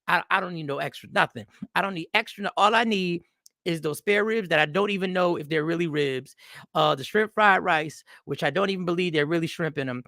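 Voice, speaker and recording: Gravelly, bright-voiced New man. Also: high voice, fairly quick, no echo, clean studio sound. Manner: animated, rambling storytelling. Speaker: podcast host. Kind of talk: casual comedic monologue.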